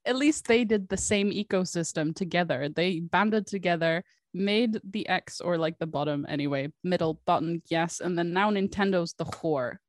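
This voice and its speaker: Woman cohost, lowish voice, laughs a lot, loose chatty talk, dry close sound. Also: normal speed, few pauses, no echo. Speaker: podcast co-host. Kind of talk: casual chat.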